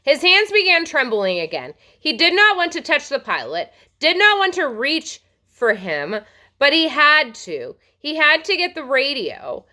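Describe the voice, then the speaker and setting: A woman teacher reading a novel aloud to her class, with expressive storytelling. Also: high-pitched, unhurried.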